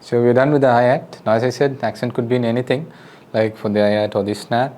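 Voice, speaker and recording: Talking fast with fairly even intonation, a medium-pitched man with an Indian English accent gives a casual drum lesson. He counts beats aloud and offers patient, friendly instructions one step at a time, against a noisy backdrop of loud drum music.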